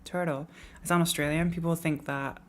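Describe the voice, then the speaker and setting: A young British woman from the UK chatting casually on a live stream, rambling and letting her phrases trail off quietly. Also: low-pitched, steady tone, normal speed.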